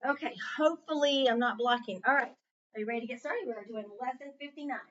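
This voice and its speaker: A woman teacher in a classroom, clearly and patiently prompting her students through a reading lesson. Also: fairly high pitch, quick pace, muffled recording, crowd noise. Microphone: camera set up in the room.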